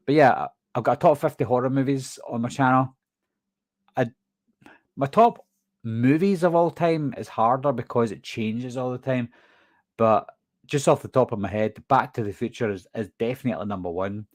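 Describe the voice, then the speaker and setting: Casting: Glasgow-accented man hosting a live stream, chatty, medium pitch, dry close sound. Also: normal speed, dry recording. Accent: Glaswegian Scottish, toned down. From Scotland. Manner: chatty, reads viewer questions and answers them. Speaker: horror movie channel host. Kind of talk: casual live stream chat.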